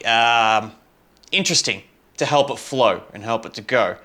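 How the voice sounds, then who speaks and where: A man's voice: mid-range voice, a little fast, sharp tone. A man in a casual podcast chat, talking enthusiastically and rambling about his guitar parts. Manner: enthusiastic, rambling, full of fillers. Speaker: guitarist and co-host.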